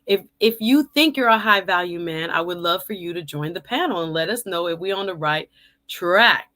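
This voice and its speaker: Bright-voiced chatty woman host. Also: lowish voice, expressive, normal speed. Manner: chatty, laughs often, addresses viewers as y'all. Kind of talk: casual live-stream chat.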